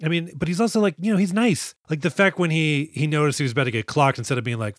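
A man co-hosting a podcast in casual chat, animated and profane, acting out characters as he retells scenes. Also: on the high side, quick pace, few pauses, no room sound, clean studio sound. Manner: animated, swears a lot, acts out characters in quoted lines. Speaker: podcast co-host.

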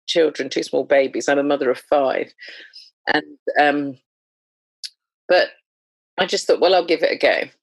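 A woman's voice: low-pitched, no room sound. Chatty woman telling stories. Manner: lively, chatty, self-deprecating humor. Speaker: doula, podcast guest. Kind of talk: conversational storytelling.

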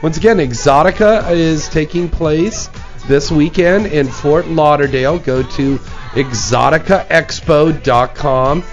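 A man's voice: on the high side, lo-fi sound. A man hosting a radio talk show, chatting casually and joking between plugs in a studio. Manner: joking, loose, plugs and asides.

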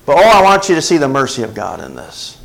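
A man's voice: medium pitch, wildly swooping pitch, fast, vocal fry, a bit bright, poor audio. A man, preaching a sermon and often checking in with his congregation. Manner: preaching with call-and-response asides to the congregation. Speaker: pastor.

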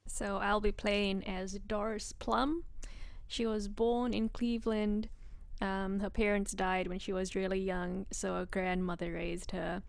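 A bubbly woman chatting at a middle pitch as she introduces herself to a tabletop group. Her voice is dry and near the mic. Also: flat delivery, measured pace, creaky, dry recording. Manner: bubbly, laughs easily. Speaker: player and composer. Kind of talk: casual tabletop chat.

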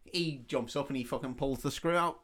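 A man's voice: medium pitch, a little fast, fairly bright tone. A man co-hosting a podcast, retelling a film scene by scene in casual chat, swearing, laughing and acting out the characters' lines. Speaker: podcast co-host.

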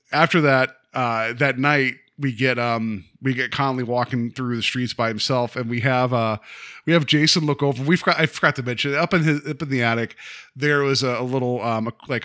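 A man's voice: mid-range voice, sharp tone. A man hosting a casual chat, rambling animatedly through a retelling and laughing often. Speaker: podcast host.

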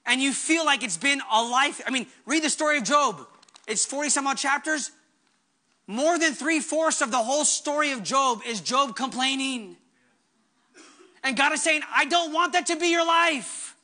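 High, bright-voiced impassioned male pastor. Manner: earnest, impassioned preaching with quick asides. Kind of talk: sermon.

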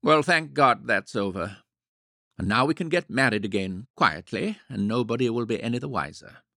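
A man reading the part of a flustered but self-assured gentleman in an audiobook, blustering and fussily soothing. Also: medium pitch, animated, normal speed, creaky, no room sound, clean studio sound, exaggerated voice. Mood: fussy.

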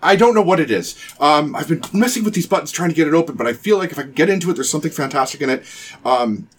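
A man voicing a captive male ruler in a fantasy game, eager and bargaining in a rushed, pleading way. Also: fairly high pitch, lively intonation, breathy edge, voice pushed up.

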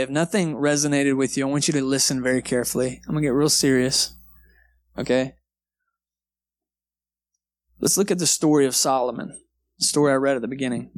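A man preaching a sermon in a church in a casual, conversational way, peppering his talk with "man" and "okay". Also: mid-range voice. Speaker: pastor. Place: church sanctuary. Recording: live church recording with loud guitar behind. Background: soft guitar music.

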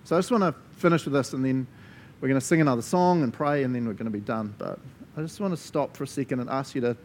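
A man's voice: medium pitch, quick pace, a little hiss or hum. A man preaching a sermon as a pastor, earnest and conversational, laughing often between asides.

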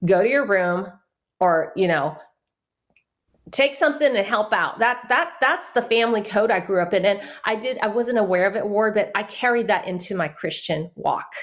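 A woman's voice: medium pitch, lively intonation, normal speed, fairly bright tone. A middle-aged woman, a soul care minister, earnestly telling a personal faith testimony in an interview. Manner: earnest storytelling, acting out quoted family voices.

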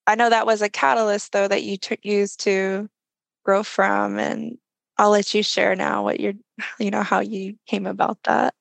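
A woman hosting a podcast interview, responding in a gentle, empathetic and soft-spoken way. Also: mid-range voice, flat delivery, moderate pace, gravelly, dry recording. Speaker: podcast host.

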